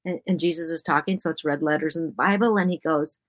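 A woman's voice: low voice, fast, hardly any pauses, dry recording. A woman co-hosting a casual faith-based podcast chat, earnest and encouraging, often acting out her own self-talk. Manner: earnest, encouraging, quotes herself aloud. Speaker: podcast co-host.

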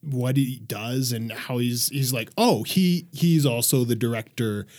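A man's voice: mid-range voice, a little slow, darkish tone. A young man co-hosting a podcast, talking casually and hesitantly with fillers. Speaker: podcast co-host.

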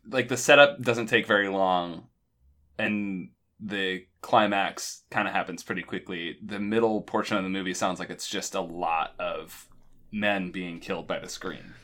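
Low-pitched man asking curious questions. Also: unhurried, bright, forceful tone. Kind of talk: casual chat.

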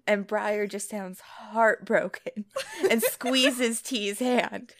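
A woman playing a tabletop game, gently describing what her character does. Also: medium pitch, drawn-out words. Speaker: player. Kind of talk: casual tabletop role-play.

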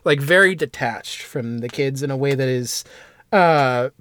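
A man's voice: mid-range voice, a little slow, fairly bright tone. A man hosting a casual podcast, recapping an anime episode in a rambling way with lots of fillers and asides. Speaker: podcast host summarizing an anime. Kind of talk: casual chat.

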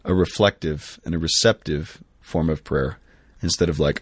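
Very deep-voiced man, candid chat. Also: fairly even intonation, a little fast, hardly any pauses, no echo. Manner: candid, self-deprecating, reflective. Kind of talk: casual conversation about prayer.

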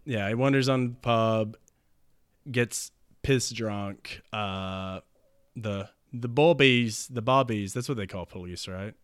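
A man's voice: fairly low pitch, smooth, no echo, clean studio sound. Laughing, rambling man telling a story. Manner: rambling, laughs often, acts out characters with quick voices. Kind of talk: casual chat pitching a movie plot.

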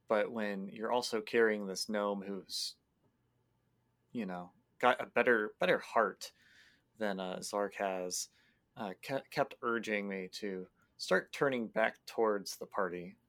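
A man's voice: fairly low pitch, a bit bright. A man, a player, casually recounting his character's moves in a tabletop game, hesitant and full of restarts. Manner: hesitant, many fillers and restarts.

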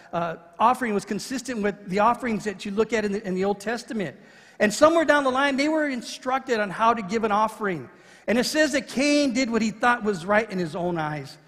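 A man's voice: sits high, a bit bright, in a large hall. A man preaching a sermon in a conversational way, often restarting his phrases. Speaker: pastor.

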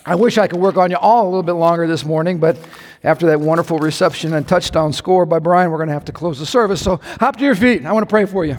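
A high-pitched man preaching to his church with lively energy and sports talk. His voice rings with a long reverb through a large hall. He leads the congregation in prayer. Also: quick pace. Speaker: pastor. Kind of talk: sermon.

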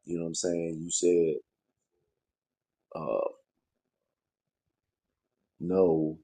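Low husky man teasing his co-host. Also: little pitch movement, slow pace, dark tone. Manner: teasing, repeats points insistently. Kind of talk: casual podcast banter.

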